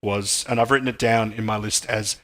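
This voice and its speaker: A man co-hosting a gaming podcast, telling stories in a deadpan, mock-tragic way. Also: lowish voice, a little fast. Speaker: podcast co-host. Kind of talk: casual gaming podcast chat.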